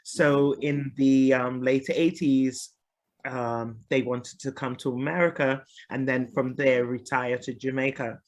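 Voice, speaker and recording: A woman's voice: rumbling low, fairly even intonation, a little slow. A woman from Liverpool, a singer and guest, telling her story in a candid, chatty way with frequent laughs. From Liverpool, England. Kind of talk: casual storytelling interview.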